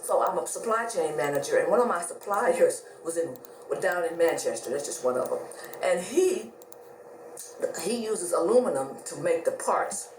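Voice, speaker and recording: Woman storyteller, lively pitch, roomy distant mic, faint background hum. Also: normal speed. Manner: animated, acts out both sides of conversations. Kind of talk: casual storytelling.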